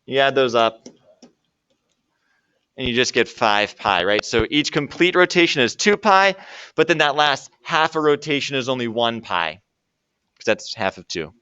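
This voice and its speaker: A man's voice: medium pitch, lively intonation, unhurried, pauses often, bright, forceful tone, clear, resonant tone, no room sound, lo-fi sound. A man teaching a math lesson to a classroom and joking with his students as he works through problems. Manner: jokey, talks to students while working problems. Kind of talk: classroom lecture.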